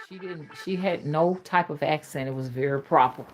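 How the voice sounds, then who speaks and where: A woman's voice: deep voice, sing-song, moderate pace, few pauses, over loud music. A middle-aged woman with an old Southern drawl, chatting casually on a livestream, reading out viewer comments and laughing easily. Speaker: livestream host.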